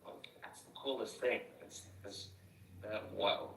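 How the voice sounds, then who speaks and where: A man's voice: on the low side, fairly even intonation, unhurried, creaky, a bit bright, a little hiss or hum. A young man in casual chat, blunt and joking with plenty of profanity, heard on a roomy, distant mic.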